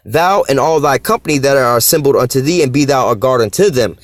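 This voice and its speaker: Man, fast-talking, brash profane bible teaching, dry close sound. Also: medium pitch, lively intonation, no room sound. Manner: brash, profane, rhetorical questions. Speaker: street preacher.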